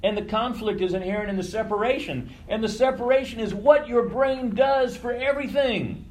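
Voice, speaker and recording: A man's voice: high-pitched, normal speed, darkish tone, rough recording. A man leading a group session in a casual teaching talk, conversational, swearing freely and often checking in with his listeners. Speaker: workshop leader.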